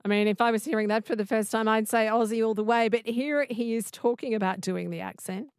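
A woman's voice: a little high, fairly even intonation, a little fast, smooth, no room sound. A woman hosting an interview, introducing clips and asking her guest questions in a conversational way. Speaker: radio host.

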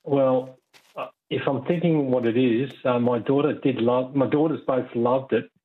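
A friendly man phones in to a radio show and rambles in a relaxed way. His voice is husky. It comes through a narrow, tinny phone line. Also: mid-range voice, normal speed. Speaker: caller. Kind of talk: casual phone-in chat.

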